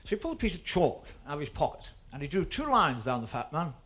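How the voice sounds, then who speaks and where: Male comic storyteller, high bright lively voice, rambling patter. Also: quick pace. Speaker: stand-up comedian. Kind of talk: stand-up joke telling to a live audience.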